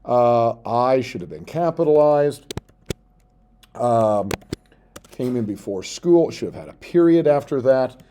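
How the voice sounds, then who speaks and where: Male teacher, mellow voice, patient step-by-step classroom explainer. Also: mid-range voice, animated, a little hiss or hum. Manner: explains step by step, reads out sample text slowly while typing. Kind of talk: screen-recorded tutorial.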